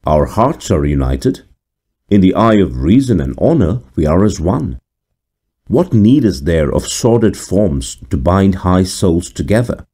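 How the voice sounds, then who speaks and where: An earnest young student of a vintage horror story pleads with passion and rising feeling, as a male narrator puts him on. The voice sits low and mellow but swings widely in pitch. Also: very animated, unhurried, husky, exaggerated voice. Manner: impassioned pleading.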